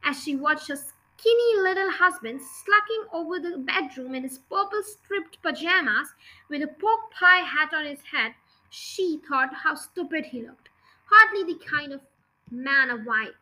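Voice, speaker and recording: A woman narrating a children's storybook chapter in an expressive, lively read-aloud. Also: high-pitched, unhurried, rough recording. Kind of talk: storybook reading.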